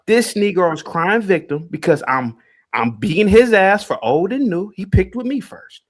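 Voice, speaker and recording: Mid-rant on his livestream, a man taunts and calls out a caller, his pitch swinging widely. His expressive voice sits a little above the usual male range and moves at a moderate pace.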